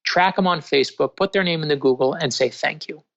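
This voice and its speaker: A man in a casual interview, an author telling stories in an animated, earnest way. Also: fairly high pitch, fairly quick, vocal fry. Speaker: author and guest. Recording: dull lo-fi remote audio.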